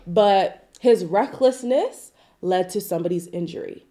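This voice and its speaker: A stuffy, nasal woman vlogger talking through celebrity news in a mellow, rounded tone. She chats casually, reads articles aloud and breaks off into quick asides, her pitch jumping up for emphasis. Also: lively intonation. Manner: chatty, asides and hedges, swoops up in pitch for emphasis. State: sick with a stuffy nose. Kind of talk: casual chat to camera, reading articles aloud.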